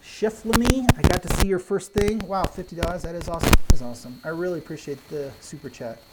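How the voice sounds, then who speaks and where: The host of a craps channel's live stream, a man with a high-sitting voice, talks quickly while chatting and thinking aloud in a casual Q&A. He wears a clip-on mic with a pack in an indoor room with some echo, and the recording is very noisy.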